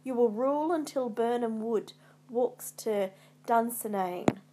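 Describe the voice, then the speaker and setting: A woman's voice: on the high side, a little slow, background noise, close to an everyday voice. A woman reading a storybook, voicing the solemn ghost of a murdered man who speaks a prophecy. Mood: ominous.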